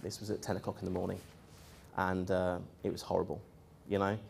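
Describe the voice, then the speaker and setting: A man's voice: low voice, brisk, gravelly, a little hiss or hum. A man telling a long story in a casual, rambling way, full of fillers and acted-out quotes. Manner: rambling, lively, quotes others in voices, frequent fillers. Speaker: speaker recounting experiences.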